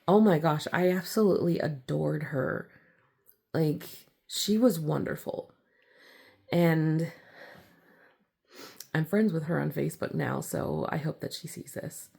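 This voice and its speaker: A young woman talking in a casual personal vlog, giggly and halting, full of fillers and restarts. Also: vocal fry, darkish tone, breathy edge. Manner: slips into a squealing high voice when acting out her younger self. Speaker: vlogger.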